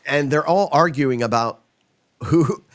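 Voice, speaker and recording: A man's voice: fairly high pitch, unhurried. Chatty man rambling through a film recap. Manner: rambling, frequent restarts and chuckles. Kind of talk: casual film discussion.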